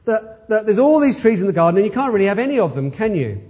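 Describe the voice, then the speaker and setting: A man's voice: high voice, very animated, fast talker, mellow, slightly rough. A man preaching an expository sermon, emphatic and fond of rhetorical questions.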